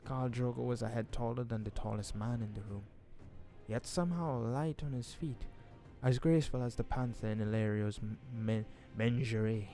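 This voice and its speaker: A man reading a fantasy novel aloud in a relaxed, casual way, stumbling over words now and then. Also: mid-range voice, moderate pace, soft background music. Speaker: audiobook reader. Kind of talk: casual audiobook reading with asides.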